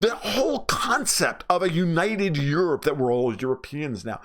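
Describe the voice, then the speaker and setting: A man's voice: on the high side, lively intonation, normal speed, few pauses, fairly bright tone. A man with a New York accent hosting a livestream, talking bluntly and profanely while reading viewer comments. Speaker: livestream host.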